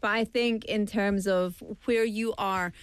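A woman speaking animatedly and with emphasis in a casual group discussion, adding quick asides. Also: mid-range voice, steady tone, clean tone, no room sound.

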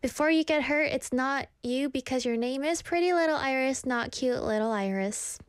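A woman's voice: sits high, moderate pace, clear, resonant tone, no echo, studio quality. A young woman hosting a casual stream, chatting with viewers, reading their comments aloud and telling self-deprecating stories. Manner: animated quoted voices in stories. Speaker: streamer host reading chat.

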